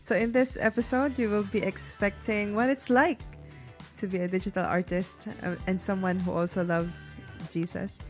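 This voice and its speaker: A woman's voice: mid-range voice, steady tone, moderate pace. Welcoming lady cohost, mid voice, thanks everyone, faint music behind. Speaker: podcast co-host. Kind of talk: friendly interview hosting.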